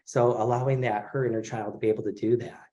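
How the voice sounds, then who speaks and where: A man in his forties leads an online class on healing the inner child. His speech is loose and friendly, full of pauses and fillers. His voice sits at a middle pitch and comes through a video call. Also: muffled recording. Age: 40s. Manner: relaxed and conversational, with many fillers. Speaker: craniosacral therapy instructor. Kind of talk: casual online lecture.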